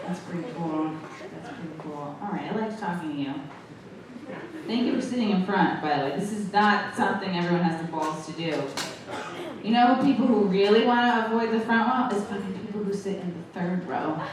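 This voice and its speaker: A woman's voice: medium pitch, fairly quick. A woman comedian with a New York accent doing brash, profane crowd work on a club stage. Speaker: stand-up comedian. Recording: echoey live club audio from a distance. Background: audience noise.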